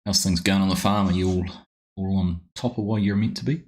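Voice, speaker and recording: A man's voice: deep voice, fairly even intonation, brisk, a little mellow. A man with a New Zealand accent hosting a live game stream, chatting casually and greeting viewers by name.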